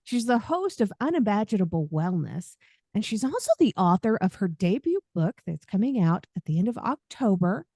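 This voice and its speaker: A chatty woman with a faint Southern American accent, hosting a podcast interview and asking easygoing questions. Her pitch moves around a lot as she talks. The recording is dry and close. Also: sing-song, normal speed, dry recording. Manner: warm and chatty, laughs easily. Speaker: podcast host. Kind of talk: casual interview.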